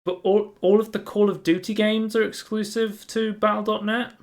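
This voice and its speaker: A man's voice: high voice, moderate pace. A young man co-hosting a podcast, chatting casually and reading out game news with frequent ums. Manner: relaxed, reads out news with many ums. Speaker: podcast co-host. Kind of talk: casual chat.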